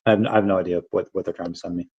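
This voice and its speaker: A man hosting a casual crypto livestream, rambling in a relaxed way with many fillers and bouts of hiccups. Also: deep voice, rapid-fire, husky, muffled recording. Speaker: crypto channel host.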